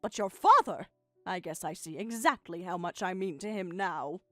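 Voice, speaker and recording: A woman's voice: on the low side, animated, normal speed, no room sound, faint music behind, pitched below the performer's own voice, close to an everyday voice. A woman voicing a bitter, hurt middle-aged mother in a dramatized text-story reading, speaking in a cold, sarcastic, clipped way.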